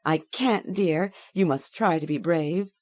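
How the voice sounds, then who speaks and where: A woman's voice: fairly low pitch, a little slow, a little mellow, no room sound. A woman voicing an anxious, self-absorbed mother who speaks with forced sweetness. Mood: fretful, sweet. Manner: fretful, then falsely sweet.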